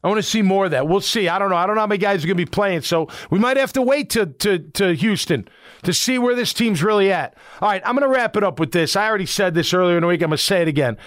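A man's voice: high voice, expressive, fast, a bit bright, dry recording, clean studio sound. A middle-aged man and former football player hosting a casual sports talk podcast, talking in an emphatic, rambling, fired-up way.

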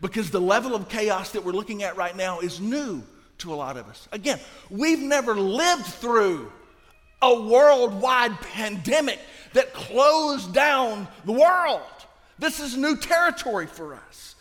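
High-voiced pastor in a reverberant hall. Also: male voice, animated, a little slow. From Louisiana. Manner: emphatic, swinging from loud to hushed. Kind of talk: sermon. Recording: long reverb of a large hall.

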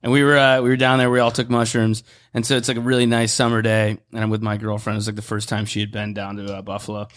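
A man's voice: lowish voice, monotone, fast talker, fairly bright tone. A man hosting a podcast, telling stories in a laid-back way and laughing often. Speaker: podcast host. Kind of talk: casual chat.

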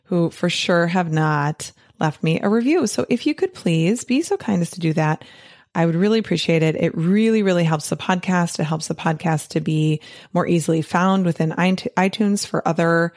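A middle-aged woman with a fairly low, slightly mellow voice speaks at a moderate pace in clean studio sound with no echo. She hosts her own podcast as a physician coach, talking casually and animatedly on her own and playfully pleading with her listeners.

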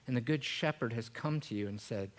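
Man preaching, loud then hushed. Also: medium pitch, a little fast. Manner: swings from loud emphatic preaching to hushed prayer. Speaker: pastor. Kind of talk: sermon. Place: church.

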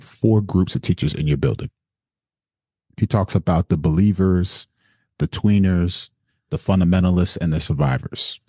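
A man's voice: deep voice, a little mellow, dry recording, clean studio sound. A man who works as an assistant principal, talking as a podcast guest in an earnest, encouraging way. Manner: earnest, encouraging, speaks in lists. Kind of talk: casual interview conversation.

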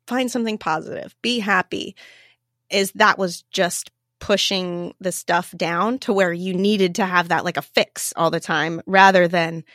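A woman's voice: fairly low pitch, fairly even intonation, measured pace, fairly bright tone, dry recording. Woman, podcast guest, reflective, heartfelt, dry close sound. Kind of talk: podcast interview.

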